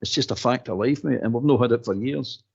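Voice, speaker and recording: Animated man, lo-fi audio. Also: medium pitch, quick pace, vocal fry, slightly rough. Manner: animated, repeats himself, laughs mid-sentence. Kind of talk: casual football chat. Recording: dull lo-fi stream audio.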